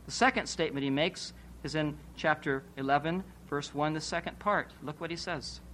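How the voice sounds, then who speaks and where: A man preaching an expository sermon in a voice pitched a little above most men's. He drives his points home with rhetorical questions and repeated phrases, steady and emphatic. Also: moderate pace, slight background noise.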